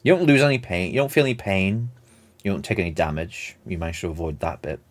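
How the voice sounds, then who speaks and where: A man narrating a tabletop game as game master in a measured, descriptive way. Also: deep voice.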